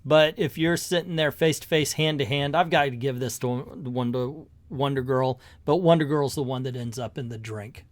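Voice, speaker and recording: A man's voice: mid-range voice, moderate pace, few pauses. A man chatting casually through a comic book review, making jokey asides to his viewers.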